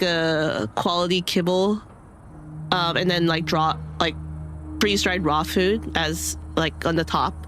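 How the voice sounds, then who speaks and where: Rambling young woman, casual chat. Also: fairly low pitch. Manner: rambling, many fillers, tearful at times. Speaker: streamer.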